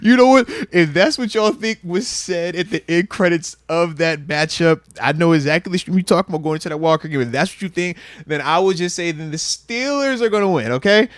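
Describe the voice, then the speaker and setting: A man hosting a casual sports talk show, playful and animated, often laughing and repeating himself. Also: a little high, fairly quick, hardly any pauses, dry recording. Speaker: podcast host.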